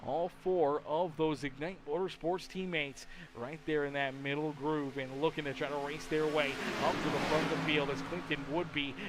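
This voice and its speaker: A tired man calling a live sim race play-by-play, his voice sitting high and jumping to loud bursts on close calls. Race-car engines roar through a noisy stream mix behind him. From Canada. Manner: excitable play-by-play with sudden loud bursts and rambling asides. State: tired and yawning. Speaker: sim racing commentator.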